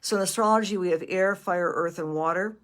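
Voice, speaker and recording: A middle-aged woman doing a live psychic reading, gentle and affectionate, pausing and restarting often. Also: lowish voice. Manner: gentle and affectionate, calling viewers sweetie and honey; halting with many restarts and fillers. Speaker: astrologer and psychic medium.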